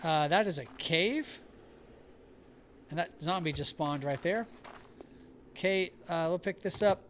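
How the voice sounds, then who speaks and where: A man's voice: a little high, a little slow, fairly bright tone, a little hiss or hum. Chatty man streaming a game live. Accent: neutral American, Southern only when angry. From American South. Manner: chatty, answers chat while playing. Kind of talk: live gameplay chat.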